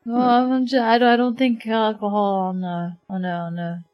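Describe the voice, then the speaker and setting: A woman's voice: a little high, little pitch movement, moderate pace, no echo, highs cut off, faint music behind. A woman playing a tabletop game, speaking hesitantly with frequent stammers. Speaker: tabletop player.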